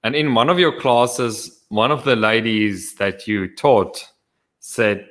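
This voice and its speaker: A man's voice: fairly low pitch, slow pace, a bit bright. Swearing, stammering male podcast host. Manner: profane, stammering restarts, laughs often. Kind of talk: casual chat over drinks.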